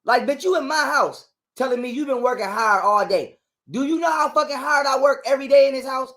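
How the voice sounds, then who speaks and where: High-voiced man telling a heated story. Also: expressive, a little fast, pushed and bright. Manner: heated, profane, repetitive. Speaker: guest. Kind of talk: casual storytelling.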